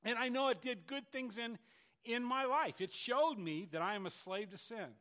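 A man's voice: fairly high pitch, lively intonation, normal speed, a bit bright. A male preacher voicing a frustrated, exasperated apostle confessing his struggle in a sermon. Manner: exasperated, pleading paraphrase.

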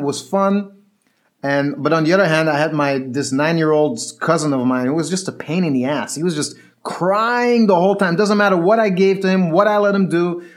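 A man telling a personal story in a casual, animated way, acting out the quoted voices of the people in it. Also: fairly high pitch.

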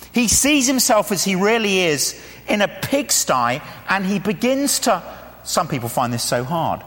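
Lively English preacher in an echoing hall. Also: male voice, high-pitched. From England. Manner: animated storytelling with rhetorical questions and acted-out quotes. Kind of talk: sermon.

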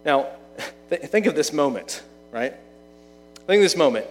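A man preaching a sermon in a relaxed, conversational way, asking the listeners questions. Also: fairly high pitch, unhurried, big-room sound, faint music behind. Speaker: pastor.

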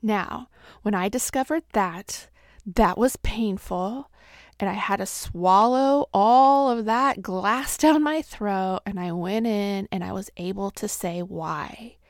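A woman's voice: medium pitch, takes it slowly, no echo. Woman podcast host talking about her own life, open and honest, dry close sound. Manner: candid storyteller, acts out quotes with bursts of speed. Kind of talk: personal reflective talk.

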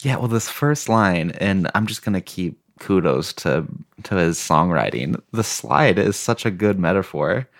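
A man with a deep, low voice co-hosting a laid-back music podcast. He sounds enthusiastic and eager, lingering over the lines of songs he admires. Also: animated, measured pace, gravelly. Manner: enthusiastic, eager about lyrics. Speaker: podcast co-host. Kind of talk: casual podcast chat.

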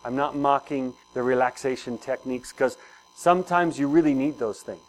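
A man's voice: medium pitch, fairly even intonation, normal speed, poor audio. A man preaching a sermon in a conversational way, asking the congregation questions and repeating key phrases. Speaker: pastor.

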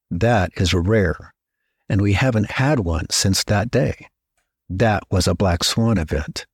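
Man, middle-aged, husky mid-pitched voice, dry close sound, measured reflective narration. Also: no room sound. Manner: measured storytelling, slowing to stress key words. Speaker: podcast host.

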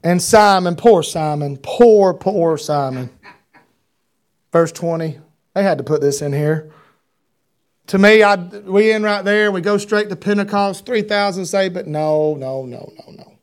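A man's voice: high voice, normal speed, smooth. A man preaching a sermon, quoting King James scripture and building to fervent cries. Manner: animated preaching, reading scripture in King James wording, rising to shouts.

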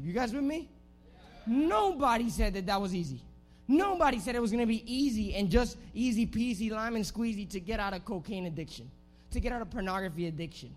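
A man preaching a lively youth sermon in slangy, animated storytelling that speaks straight to the crowd. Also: very high voice.

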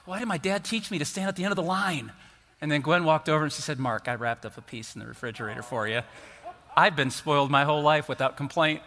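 A man's voice: on the high side, long reverb tail. A man in his fifties preaching a sermon to his church, telling fond stories with playful asides. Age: 50s. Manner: animated storytelling with playful asides. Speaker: pastor. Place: church sanctuary.

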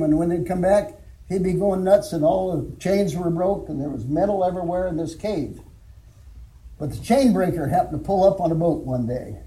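An older man shares his church testimony in a folksy, storytelling manner, chuckling now and then. His voice sits high for a man and sounds very dark and mellow in tone. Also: poor audio. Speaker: former alcohol counselor giving testimony.

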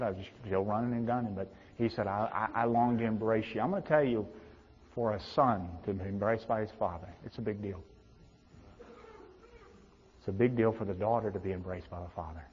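A middle-aged male pastor preaching a sermon, swinging between loud emphatic peaks and hushed low tones. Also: slightly rough. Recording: dull reverberant hall sound.

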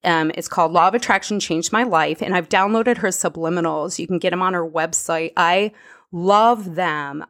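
Woman podcast host, motivational coach type, energetic and encouraging, mid-range voice. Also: medium pitch. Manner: energetic, cheering listeners on, laughs at own slips. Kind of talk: upbeat motivational podcast talk.

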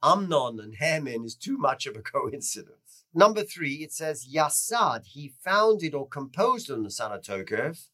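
A man teaching through a lecture that tells a story, with lively swings in pitch and loudness. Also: measured pace, hardly any pauses. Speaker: teacher of Jewish history.

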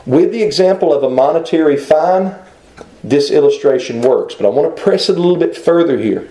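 A man's voice: a little high, animated, brisk, dark tone, reverberant, low-quality recording. A man preaching a sermon, reasoning aloud and posing rhetorical questions to his listeners.

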